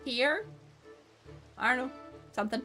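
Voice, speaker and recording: Woman streamer, bright voice, lively pitch, slow relaxed pace, giggly, playful game commentary, faint game music behind. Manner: playful and giggly, reads game text aloud. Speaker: VTuber streamer. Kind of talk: casual gameplay commentary.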